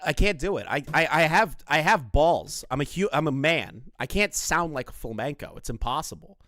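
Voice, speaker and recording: A man's voice: a little high, lively intonation, moderate pace, a bit bright, dry recording, studio quality. A man doing casual live-stream commentary on online drama, crude, profane and mocking in his delivery.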